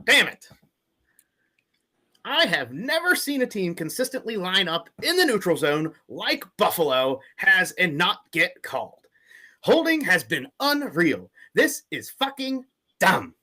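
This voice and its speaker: A man doing a furious football fan, screaming high and loud. The voice strains at the top of its range and swings wildly as the rant runs on. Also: wildly swooping pitch, unhurried, exaggerated voice. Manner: shouting, swearing, high strained yelling. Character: furious man ranting by text about football.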